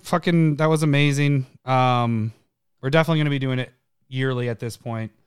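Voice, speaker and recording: A man's voice: mid-range voice, fairly quick, clear, resonant tone, dry recording, studio quality. A man co-hosting a casual podcast, laughing, swearing and rambling loosely. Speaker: podcast co-host.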